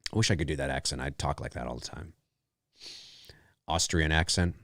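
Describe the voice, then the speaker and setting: A man's voice: rumbling low, a little fast, vocal fry, a bit bright, no room sound, clean studio sound. A man hosting a live movie commentary, talking casually in a rambling, chatty way, laughing often and swearing freely.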